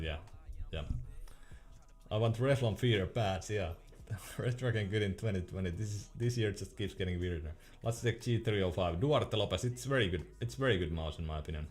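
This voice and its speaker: A young man hosts a relaxed livestream. He reads viewer questions aloud and answers in an easygoing, chuckling way. His voice sits low, and quiet music plays under his talk. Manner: laid-back, laughs often, trails off and restarts. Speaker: streamer. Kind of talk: casual livestream chat, reading out chat questions.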